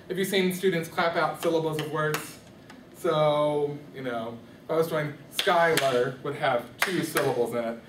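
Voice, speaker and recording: A man's voice: fairly high pitch, moderate pace, recorded from a distance, background noise. Man teaching rhythm in an echoey classroom. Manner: questioning, checks understanding often. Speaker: music teacher.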